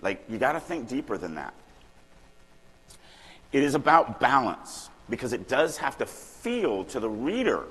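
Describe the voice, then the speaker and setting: A middle-aged man from Louisiana giving a lively, joking lecture on writing at a conference, acting out little examples as he goes. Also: mid-range voice, a little slow, husky. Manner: animated, joking, acts out examples. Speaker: writing workshop speaker. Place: large conference hall. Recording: long hall reverb.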